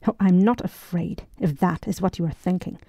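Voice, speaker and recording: A woman's voice: on the low side, normal speed, gravelly, dark tone, breathy edge, dry recording, clean studio sound. A woman reading the lines of a proud young male French officer in an audiobook, sounding earnest and defensive.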